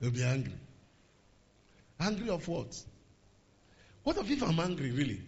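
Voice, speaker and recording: A man preaching a sermon, swinging from low murmurs to raised exhortations and quoting scripture in old-fashioned phrasing. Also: big pitch swings, a little slow, a little mellow, highs cut off. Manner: quotes scripture in King James phrasing.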